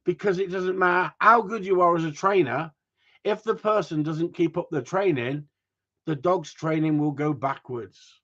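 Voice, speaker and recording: Ranting dog trainer on a live stream. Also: male voice, fairly high pitch, normal speed, fairly bright tone, highs cut off. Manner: chatty, ranting, swears casually. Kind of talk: casual live-stream chat reading viewer comments.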